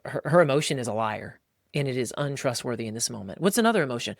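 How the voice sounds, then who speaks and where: A man hosting a podcast, coaching listeners in a lively, casual way and acting out voices as he talks. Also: mid-range voice, fast, vocal fry, no echo, clean studio sound. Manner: animated, acts out voices. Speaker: podcast host.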